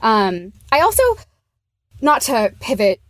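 A woman's voice: on the high side, animated, takes it slowly, a bit bright, no room sound, studio quality. A woman from Arizona co-hosting a casual podcast chat, rambling with many fillers and restarts. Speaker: podcast co-host.

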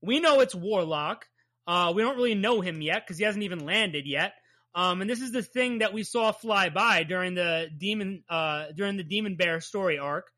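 A woman in her thirties recaps a comic issue on a podcast, swearing freely and gushing over cute moments. Her voice is bright and sits at an ordinary pitch. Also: normal speed. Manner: chatty, profane and enthusiastic. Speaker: comic book podcast host. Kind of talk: casual chat recapping a comic.

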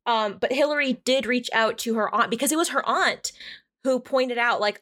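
A woman's voice: fairly high pitch, expressive, a little fast, a bit bright. A woman co-hosting a podcast, casually recapping a story in a chatty manner full of swearing and "like". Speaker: podcast co-host.

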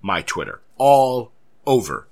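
A tired man co-hosting a podcast, musing in a measured way with frequent restarts. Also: mid-range voice, big pitch swings, a little mellow. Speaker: podcast co-host. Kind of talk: casual chat.

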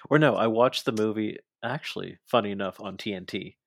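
Chatty low-voiced man recapping wrestling. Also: a little fast, creaky, dry recording, studio quality. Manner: chatty, animated, acts out quoted lines. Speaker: podcast co-host. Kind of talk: casual wrestling recap chat.

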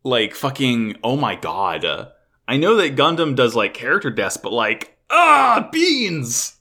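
A man co-hosting a casual podcast, recapping an anime episode in an animated way, swearing often and filling with "like". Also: mid-range voice, a little slow. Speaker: podcast co-host.

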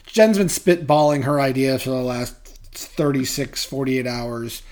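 A man's voice: mid-range voice, measured pace, darkish tone. A man hosting a podcast in casual chat, teasing his partner and telling stories with acted-out quotes. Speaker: podcast host.

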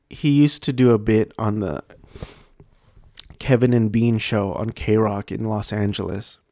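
A man's voice: medium pitch, a little mellow, dry recording, clean studio sound. A married man hosting a casual solo podcast, rambling through jokes and self-mocking asides. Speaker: podcast host.

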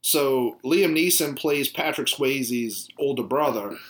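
A man's voice: medium pitch, fairly bright tone. A man hosting a podcast, chatting casually and retelling things with lots of fillers and restarts. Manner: rambling, halting retelling with many fillers. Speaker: podcast host.

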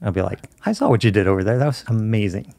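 A man's voice: fairly low pitch, fast talker, creaky, dark tone, no room sound. A man in a casual interview, telling film-set stories in an easygoing way and acting out the dialogue. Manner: storytelling, easygoing, acts out dialogue. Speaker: film camera crew guest.

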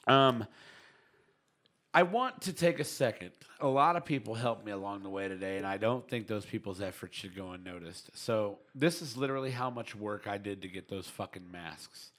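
A man's voice: on the low side, normal speed, fairly bright tone. Laid-back male podcast host. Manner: loose, joking, runs the plugs and sign-off. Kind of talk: casual live podcast chat.

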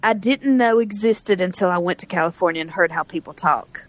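A woman's voice: fairly low pitch, fairly quick, poor audio. Woman co-host chiming in casually. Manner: brief agreeing interjections. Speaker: podcast co-host. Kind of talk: casual chat.

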